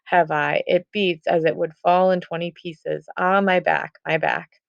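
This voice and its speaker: A woman's voice: lowish voice, fairly even intonation, measured pace, gravelly, no room sound. A woman reading the lines of a weary, complaining old servant woman in a plain read-aloud voice. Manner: plain read-aloud delivery, little voice change. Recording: dull, muffled recording.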